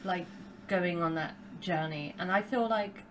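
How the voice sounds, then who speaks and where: British woman rambling on a podcast, lowish voice, kinda loose. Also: unhurried, a little hiss or hum. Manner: rambling, full of "like" and restarts. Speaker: podcast guest. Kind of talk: casual chat.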